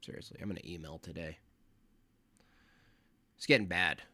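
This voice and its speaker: Exasperated bright-voiced male streamer. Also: deep voice, moderate pace, husky. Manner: exasperated, rambling, slangy. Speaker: streamer reviewing videos. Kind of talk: casual livestream reaction.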